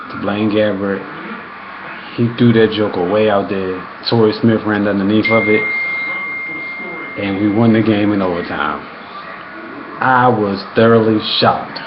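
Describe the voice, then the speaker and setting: Excitable young man, dull lo-fi recording. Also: lowish voice, noisy background. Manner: excitable, keeps saying "man", playful mock crying. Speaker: sports fan vlogger. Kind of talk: excited fan reaction vlog.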